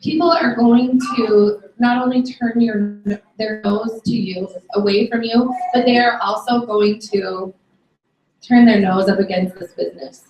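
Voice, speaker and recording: A woman leads a training session for her sales team, firm and a little scolding as she keeps checking with the room. Her voice sits fairly high. It is picked up from a distance, with the echo of a roomy meeting hall. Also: steady tone, unhurried, lo-fi sound, slight background noise. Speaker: sales team leader giving a training talk. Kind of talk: motivational training talk to a live room. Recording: echoey room, recorded from afar.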